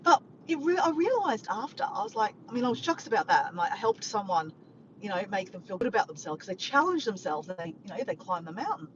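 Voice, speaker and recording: While driving, a woman in a rambling, upbeat vlog chats casually to the camera in a mid-range voice with a fast, sing-song delivery. Her recording is muffled and the road noise is clearly audible.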